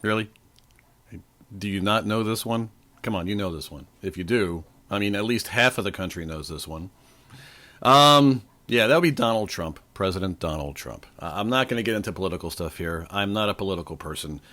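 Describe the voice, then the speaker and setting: A man's voice: fairly low pitch, a little fast, pushed and bright. A man, hosting a casual trivia podcast, rambling and joking straight to his listeners. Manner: stops to sip water between questions.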